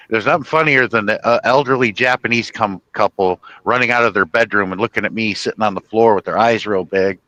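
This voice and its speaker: A man telling funny stories in a casual chat, animated and rambling, laughing at his own tales. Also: on the low side, no echo, rough recording. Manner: chatty, with many restarts and "you know".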